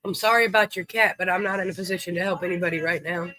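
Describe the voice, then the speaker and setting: Hosting a livestream, a man keeps up relaxed banter with his audience, calling out viewers by name. He speaks rapid-fire in a high, bright, forceful voice with fairly even intonation, and the audio is poor.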